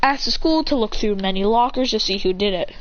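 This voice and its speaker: A woman telling an improvised story in a rambling, animated way, often correcting herself mid-sentence. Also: medium pitch, lo-fi sound. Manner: rambling, animated retelling with quick self-corrections.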